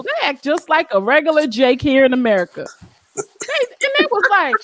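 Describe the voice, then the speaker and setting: A woman with a very high voice hosts a live stream, talking emphatically while tearful. A faint hiss sits behind her voice, with occasional clicks. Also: normal speed. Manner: emphatic, animated, swinging between crying and laughing. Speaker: host. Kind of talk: emotional live-stream chat.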